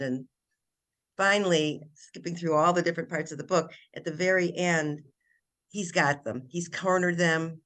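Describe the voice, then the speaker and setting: An older woman, a children's author, chatting in an interview and retelling her story in an animated way with frequent restarts. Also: low voice. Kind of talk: casual interview chat.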